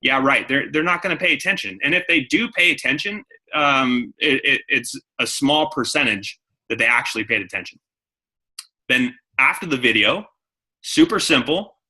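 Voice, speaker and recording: Guy coaching his sales team, super bright sharp voice, says stuff twice. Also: mid-range voice, moderate pace, slightly rough, poor audio. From San Diego. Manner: coaching, repetitive, acts out phone calls. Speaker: network marketing trainer. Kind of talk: training talk to a team.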